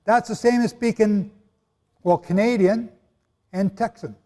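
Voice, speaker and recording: High-voiced man preaching in an echoey hall. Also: fairly even intonation, a little slow, dark tone. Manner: emphatic, rhetorical questions, joking asides. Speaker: Bible teacher. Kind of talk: sermon-style lecture to a live audience. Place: hall with an audience. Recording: echoey hall with long reverb.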